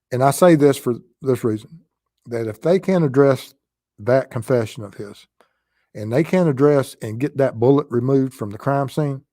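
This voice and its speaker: A man with a Southern US accent hosting a true crime live stream, answering chat questions in a halting way with many pauses. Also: mid-range voice, mellow, no echo. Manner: halting, with frequent pauses and fillers.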